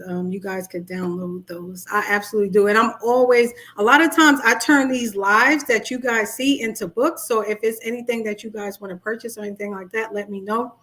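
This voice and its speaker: A woman's voice: mid-range voice, fairly even intonation, normal speed, fairly bright tone. A middle-aged woman with a New York accent, a life coach talking casually on a livestream and greeting her viewers by name. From Brooklyn, New York. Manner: chatty, greets commenters by name.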